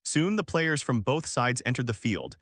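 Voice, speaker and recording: A man narrates a fan fiction audiobook at normal speed, his middle-pitched voice slightly rough but steady and even throughout. The recording is close and dry, with no echo or room sound.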